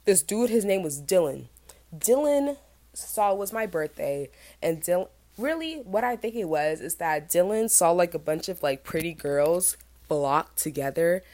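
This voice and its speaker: Twenty-something woman rambling thru a story on her podcast, lowish voice, super dry close mic, kinda sick. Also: unhurried, dry recording. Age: 20s. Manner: chatty, animated, mimics other people in high voices. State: feeling sick, burping. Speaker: podcast host. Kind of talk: casual storytelling monologue.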